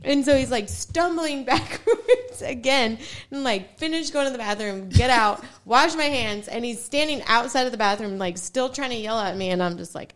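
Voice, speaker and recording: A woman co-hosting a casual podcast, telling a story with laughter and loud acted-out shouts. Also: on the high side, normal speed, few pauses. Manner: animated, laughing, shouts quoted lines. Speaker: podcast co-host.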